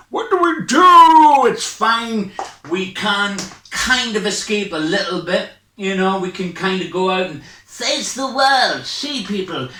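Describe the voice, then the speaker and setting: A Scottish man fires off a jittery, self-mocking stand-up set from home, sounding out of breath. His voice sits high and bright. He sits back from the webcam in an echoey room. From Scotland. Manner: hyper, rambling, self-mocking. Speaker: stand-up comedian. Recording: echoey room, far from mic.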